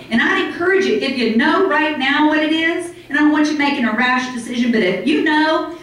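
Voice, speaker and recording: A middle-aged woman giving an animated motivational talk to a live audience in a hotel conference room, acting out other people's reactions. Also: sits high. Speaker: motivational speaker. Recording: very echoey hall from far off.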